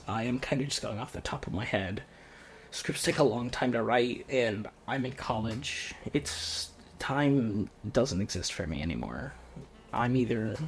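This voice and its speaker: A young man in his twenties talking quietly and off the cuff, with a monotone voice, often restarting his sentences. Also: medium pitch. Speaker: video essayist. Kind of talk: unscripted video essay. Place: home room with roommates nearby.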